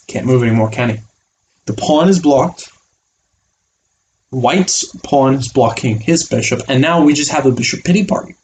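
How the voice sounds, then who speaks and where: Animated man teaching chess. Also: medium pitch, a little hiss or hum. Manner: animated, playful, voices pieces as characters. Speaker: chess coach. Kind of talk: online chess lesson.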